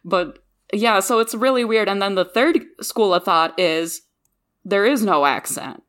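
A woman who grew up in the Midwest, with English as her second language, co-hosting a podcast and telling stories in animated, chatty conversation. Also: mid-range voice, a little slow. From Midwest of the United States. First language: not English. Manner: chatty, animated storytelling with laughs. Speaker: podcast co-host. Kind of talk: casual chat.

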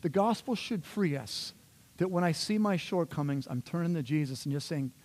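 Animated man preaching a sermon. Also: fairly high pitch, moderate pace. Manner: animated, playful voices for quotes; conversational, addresses the congregation directly. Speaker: pastor.

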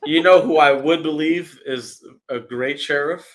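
A man's voice: on the high side, unhurried, a bit bright. A man co-hosting a casual podcast, laid-back and full of fillers as he lists his picks. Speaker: podcast co-host. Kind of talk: casual chat.

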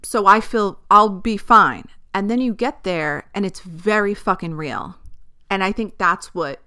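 Podcast host, woman, frank and profane, crisp bright tone. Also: mid-range voice, animated, normal speed. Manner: candid and profane, emphatic with lots of fillers. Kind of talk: casual podcast monologue.

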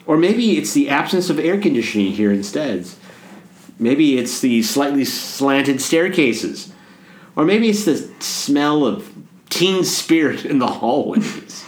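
A man co-hosts a casual chat as a priest, playful and joking as he rambles. His voice sits at a middle pitch. The recording has a roomy echo. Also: animated, slow. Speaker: priest and podcast co-host.

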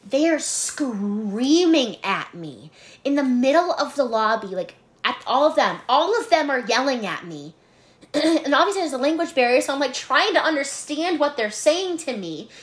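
Animated high-voiced young woman storyteller. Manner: animated, swears freely, laughs while telling. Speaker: podcast co-host, hotel front desk worker. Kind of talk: casual storytelling chat.

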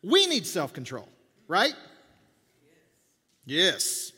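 High-voiced preacher in a reverberant hall. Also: male voice, very slow, breathy edge. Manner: animated, jokey, rises in pitch for emphasis. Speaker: pastor. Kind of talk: sermon.

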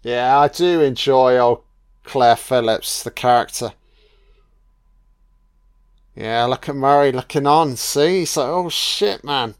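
In a smooth, clear voice of medium pitch, a man offers relaxed, profane commentary on a film, leaning heavily on filler and "you know." The recording is close and dry, with no sense of room and no echo.

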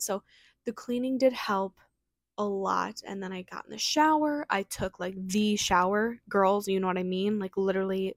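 A young woman hosting her own podcast, talking casually and quickly with lots of "like" and "um". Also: mid-range voice, no room sound, studio quality. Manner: fast, chatty, lots of fillers. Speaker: podcast host. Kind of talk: casual solo podcast chat.

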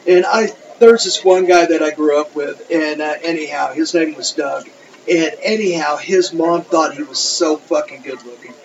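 A man's voice: on the high side, moderate pace. A man co-hosting a podcast, telling rambling, profane stories in casual chat. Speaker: podcast co-host. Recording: dull lo-fi sound with faint noise.

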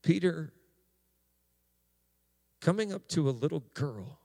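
Slow-preaching pastor, a man. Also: fairly high pitch, animated. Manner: slow, halting delivery with restarts, rising to impassioned preaching. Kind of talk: sermon.

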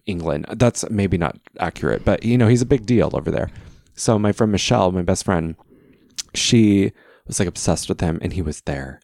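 A male podcast host with a low, slightly mellow voice chats casually at a moderate pace, telling stories that poke fun at himself. The recording is clean studio sound with no room echo.

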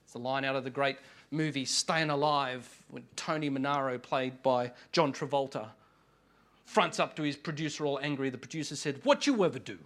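A man with an Australian accent, preaching a sermon as pastor, with humor and dramatic pauses. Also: medium pitch, fairly even intonation, a bit bright.

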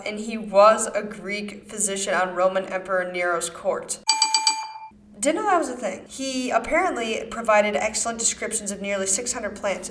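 A woman's voice: mid-range voice, roomy sound, noisy background. A young woman from Wisconsin with a Midwestern American accent, hosting a casual true-crime podcast with many fillers and offhand asides. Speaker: podcast host.

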